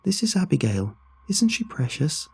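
A man voicing the ghost of a young woman, accusing and slow, in a horror story reading. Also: medium pitch, sing-song, mellow, slightly rough. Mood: tender. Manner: pleading then bitter, slow reproach.

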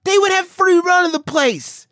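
Man, podcast co-host, lively swooping pitch, mock-serious rants, dry sound. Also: normal speed, no echo. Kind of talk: casual comedic banter.

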